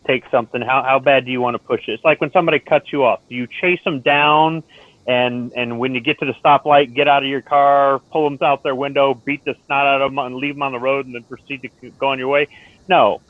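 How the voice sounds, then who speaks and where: A man in casual chat who talks things through calmly and gives advice. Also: mid-range voice, quick pace, no room sound. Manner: calm, reasoning, advice-giving tone. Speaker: stream host. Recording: tinny phone-like line, dry.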